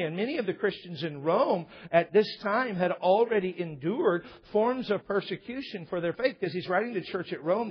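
A man's voice: high voice, husky. A male preacher delivering a sermon in a church, mixing sarcastic storytelling with earnest Bible teaching. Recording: muffled lo-fi sermon recording.

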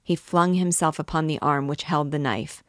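A woman reading a classic novel aloud in a measured, expressive way. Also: sits low, no echo, studio quality. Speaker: book reader and guide.

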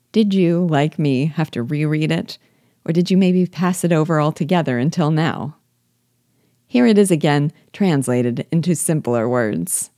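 A woman with a low, mellow voice talks through a novel chapter by chapter in a reflective, gently wry way. She reads passages aloud between her own remarks. The recording is close and dry, with no room sound. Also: no echo. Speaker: host guiding listeners through a novel. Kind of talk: literary commentary podcast.

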